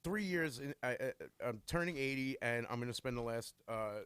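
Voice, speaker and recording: A man's voice: medium pitch, animated, normal speed, a bit bright, clean tone, no room sound. A man in casual chat, rambling and hesitant, with many fillers.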